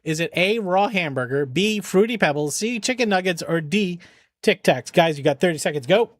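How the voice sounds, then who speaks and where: Here the charity game streamer chats easily with viewers and his dog, speaking to the dogs and the chat alike. He talks at a normal speed in a high voice with lively intonation, and the sound has no echo.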